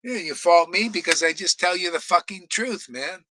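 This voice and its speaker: A man's voice: high voice, moderate pace, sharp tone, no echo, poor audio. Man, ranting sermon, blunt, swears, laughs between jabs, dry close sound. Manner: blunt, combative, swears for emphasis. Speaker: spiritual teacher.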